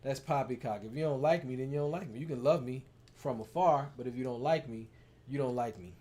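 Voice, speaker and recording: A man's voice: mid-range voice, brisk, warm tone. A man chatting casually and playfully as co-host, telling stories and acting out quotes. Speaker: co-host, partner of the coach. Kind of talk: casual chat.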